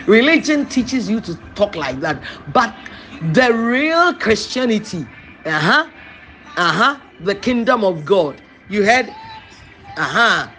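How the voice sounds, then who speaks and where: Emphatic preacher with sudden shouts. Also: mid-range voice, a little hiss or hum. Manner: emphatic, asks the listeners questions and answers them. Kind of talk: teaching sermon episode.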